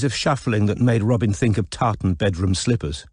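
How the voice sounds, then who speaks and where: A man narrating an audiobook in a measured, expressive reading. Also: lowish voice, slightly rough, no room sound. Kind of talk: scripted narration.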